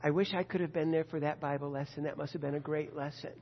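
A man's voice: on the high side, steady tone, quick pace, gravelly. A man preacher retelling a scripture story in a conversational sermon, with vivid asides and rhetorical questions. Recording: dull lo-fi echoey hall.

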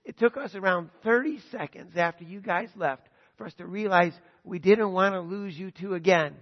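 A man's voice: high-pitched, normal speed. A man quoting an eager young girl, raising his voice slightly. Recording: dull sound, long hall reverb.

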